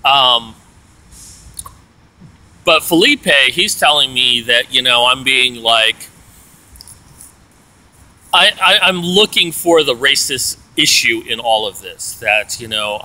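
Bright-voiced man ranting. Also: medium pitch, rough recording. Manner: rambling, aggrieved storytelling with many "you know"s. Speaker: vlogger. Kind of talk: casual personal rant.

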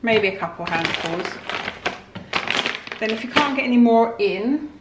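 A woman's voice: on the high side, expressive, unhurried. A woman chatting casually in her home kitchen, filming a homely, rambling vlog. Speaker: vlogger. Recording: echoey kitchen, clear background noise.

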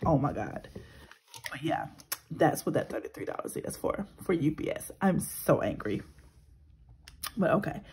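A woman in her thirties chatting casually as a budgeting vlogger. She talks softly, slips into whispers while counting cash and rambles when she vents. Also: medium pitch, creaky, a little hiss or hum, low-quality recording. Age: 30s. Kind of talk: casual vlog chat.

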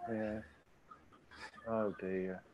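A man's voice: fairly low pitch, little pitch movement, very slow. A man on a video call, wry and joking about the sound trouble. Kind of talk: casual chat over a video call. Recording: dull lo-fi call audio.

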